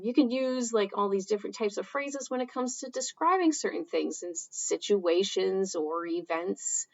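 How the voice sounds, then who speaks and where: A woman teaching sign language in a casual, relaxed way, with lots of fillers. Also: mid-range voice, gravelly, muffled recording. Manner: slow, relaxed, with many fillers and acted example phrases. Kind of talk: casual instructional talk.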